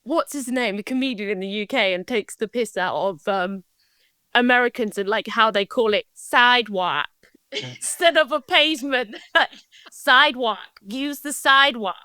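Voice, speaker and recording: Bright giggly woman from australia, guest on a podcast, smooth clear voice, dry sound. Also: fairly high pitch, unhurried, no room sound. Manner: giggly, lively, laughs often. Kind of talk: casual podcast conversation.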